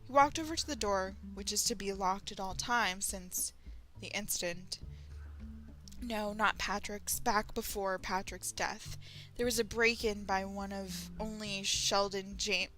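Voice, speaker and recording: A woman from Texas reading fan fiction aloud as a channel host, in an animated way and often breaking off to react. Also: mid-range voice, measured pace, faint music behind, low-quality recording. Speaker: story reader, channel host.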